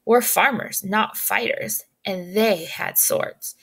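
A woman voicing a gentle, polite young male troll who speaks softly and sorrowfully in a storybook reading. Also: medium pitch, slow, creaky, husky, heavily acted.

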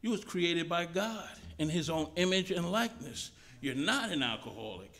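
A man's voice: on the high side, animated, moderate pace, fairly bright tone. A man preaching a sermon at a mission service, conversational and often restarting phrases.

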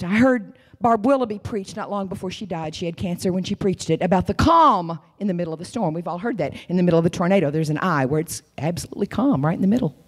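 A woman preaching a sermon in a church. She tells her story dramatically, dropping to whispers and jumping to high cries. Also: fast talker, husky. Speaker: guest preacher.

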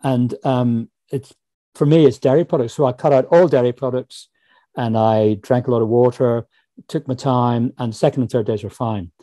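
Animated Northern Irish man telling stories. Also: medium pitch, no echo. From Northern Ireland. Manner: quick, animated storytelling, slips into voices when quoting others. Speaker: guest author. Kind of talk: casual interview chat.

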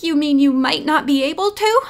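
A woman's voice: high voice, expressive, moderate pace, voice pushed up. A woman voicing an anxious, chatty teenage girl model in an audiobook, with a plaintive, protesting way of talking. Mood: upset.

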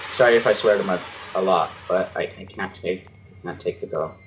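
A young man commentating a horror game as he plays, panicky and swearing, yelling at the enemies on screen. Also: low-pitched, brisk, soft background music. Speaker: gaming YouTuber.

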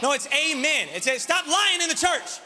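A man leading a lively children's revival service, joking and teasing the kids while he gives them actions and call-and-response lines. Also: very high-pitched, moderate pace. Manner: playful, teasing, loud leader of a crowd of kids. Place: large church sanctuary. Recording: reverberant church hall, faint room noise.

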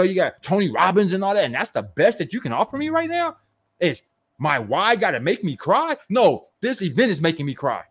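Man, high voice, marketing coach, animated rant, emphatic, rhetorical questions. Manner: animated and emphatic, mocking hype with put-on voices; repetitive and rhetorical, asks questions of the listener. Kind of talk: motivational rant to camera.

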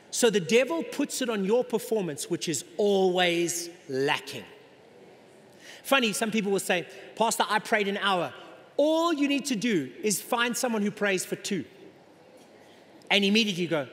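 A middle-aged male pastor with a fairly high voice preaches an animated sermon. He slips into the voices of doubters in his congregation to make his point. His words ring out with a long reverb in a large church hall. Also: normal speed.

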